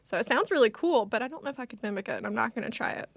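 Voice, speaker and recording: A young American woman co-hosts a casual chat, her voice a little high with vocal fry, animated and racing along. She's chatty, full of fillers and laughter, and the recording has no echo.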